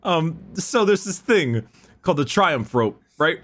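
A man in casual podcast chat about game lore, animated and profane, sometimes reading quotes with dramatic delivery. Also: a little high, measured pace. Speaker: podcast co-host.

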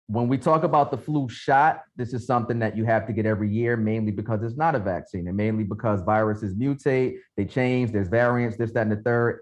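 Male podcast co-host, mid pitch, measured and explanatory, pushes back in debate. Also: a little mellow, dull audio. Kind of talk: casual debate.

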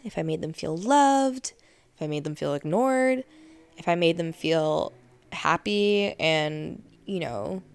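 A young woman giving casual life advice as host, chatty and animated, acting out little scenes with lots of filler likes. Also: lowish voice, creaky, clear, resonant tone.

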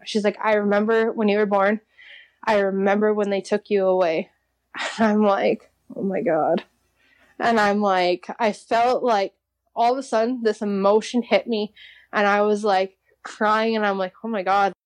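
A woman in her twenties tells a personal story as an interview guest. She talks in a chatty, easygoing way, laughs often and says "like" a lot. Her voice sits at a middling pitch. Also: fairly even intonation, moderate pace.

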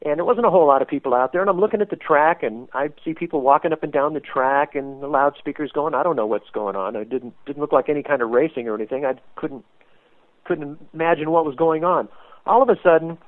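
A man guest telling a story in an animated way, acting out quotes with sudden loud bursts, as a race car paint designer. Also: fairly high pitch, fast, no room sound. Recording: tinny phone-like line, dry.

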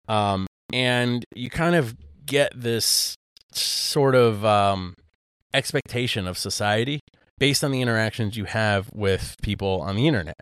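A man co-hosting a podcast in relaxed, casual chat. He rambles and restarts often, filling pauses with "um" and "like." His voice is smooth and resonant, and it sounds close and dry. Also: on the low side, no echo. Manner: rambling with many fillers and restarts. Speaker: podcast co-host.

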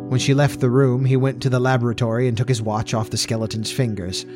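A man narrating an old-fashioned story in a steady, even storytelling manner. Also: mid-range voice, quick pace, few pauses, over music. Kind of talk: audiobook narration.

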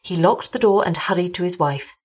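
A woman hosting a story show, reading a gothic tale aloud in a measured, deliberate narration. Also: fairly low pitch, expressive, slightly rough. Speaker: host and story reader.

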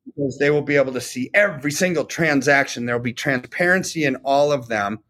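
Casting: man, podcast co-host, mid-pitched, conversational explainer who leans on "right?". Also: brisk, a bit bright. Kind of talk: casual commentary on economics.

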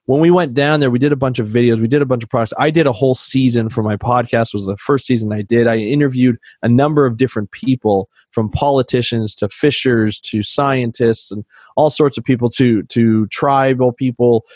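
Lively storytelling Canadian man, dry sound. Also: mid-range voice, fairly quick, no room sound. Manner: animated storyteller who acts out quoted dialogue. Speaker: podcast guest. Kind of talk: casual storytelling chat.

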